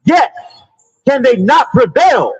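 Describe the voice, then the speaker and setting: A man reading Bible verses aloud slowly and deliberately at a street sermon. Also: extremely high pitch, big pitch swings, husky, dry recording, low-quality recording. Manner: slow, deliberate old-style verse reading. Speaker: scripture reader.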